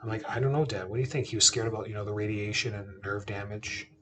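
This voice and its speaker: A man's voice: on the low side, flat delivery, quick pace, sharp tone. A man, a chiropractor and podcast host, telling a family story in a casual, earnest, conversational way. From Canada. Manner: earnest, conversational, quotes himself and his father.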